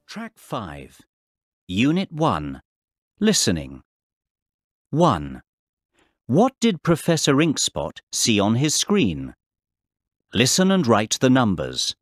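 A man's voice: mid-range voice, wildly swooping pitch, no echo, clean studio sound. Man announcing tracks for a course CD. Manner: plain and measured. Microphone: close studio mic.

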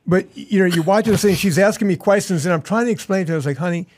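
A man's voice: high-pitched, very fast, a little mellow. A man co-hosting a podcast, telling casual anecdotes. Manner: conversational, anecdotal. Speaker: podcast co-host. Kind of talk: casual storytelling chat.

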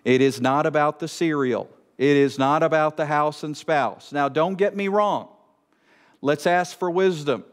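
A higher-pitched male Bible teacher. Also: unhurried. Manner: conversational and emphatic, with playful rhetorical questions. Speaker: Bible teacher and show host.

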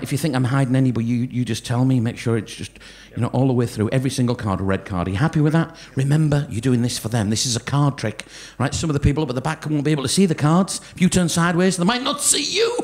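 A teasing stand-up comic and magician, male with a fairly high-pitched voice, quickly ribs a volunteer while bantering with the audience. It's a live comedy show on a large theatre stage, recorded with the audience laughing.

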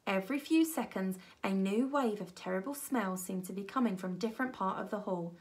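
A woman reading a children's novel aloud at a primary school with expressive storytelling. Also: fairly quick. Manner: expressive storytelling, voicing children with raised pitch. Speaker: reader.

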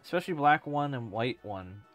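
A man's voice: medium pitch, animated, brisk, a bit bright, soft background music. A man streaming a video game, chatting casually with friends and rambling with many fillers.

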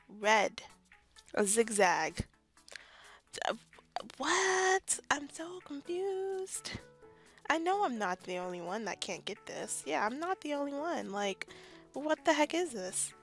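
A woman's voice: high-pitched, sing-song, takes it slowly, fairly bright tone, faint music behind. A young woman casually commenting on her gameplay, chatty and self-deprecating, often laughing. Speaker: gaming YouTuber. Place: bedroom at home.

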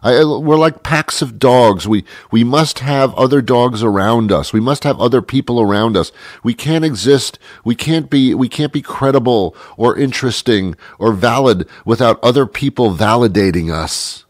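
A man's voice: medium pitch, moderate pace, few pauses, no room sound. Rambling male talk show host, dry sound. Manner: musing, repetitive, stammers on restarts. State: has a cold. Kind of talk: rambling monologue.

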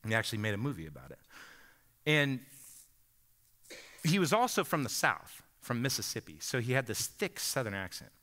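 A male pastor in his forties preaching in a relaxed, storytelling manner, often asking his listeners to agree. His pitch swings widely and his tone is bright and forceful. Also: moderate pace, long pauses. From Bend, Oregon. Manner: conversational storytelling, often asks the congregation "right?". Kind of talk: sermon.

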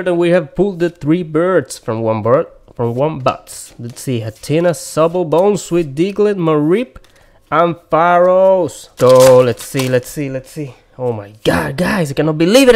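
A man opening trading card packs on camera, rattling off card names in casual, excitable commentary and repeating words. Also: on the high side, a little hiss or hum.

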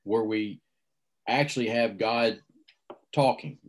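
A man with a somewhat low voice joins a relaxed scripture discussion as co-teacher. He thinks aloud slowly, hedging with "uh" and repeated starts. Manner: reflective, hesitant with many fillers. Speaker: Bible class co-instructor.

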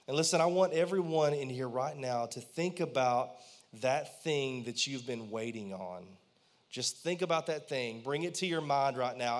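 A man's voice: medium pitch, moderate pace. A man, preaching a conversational sermon in church and often asking the congregation questions. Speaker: pastor.

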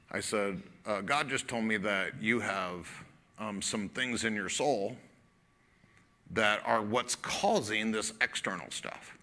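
A man pastor preaching a sermon, telling a story conversationally and acting out both sides of the dialogue. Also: on the low side. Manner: animated storytelling, acts out dialogue; casual, conversational preaching with fillers.

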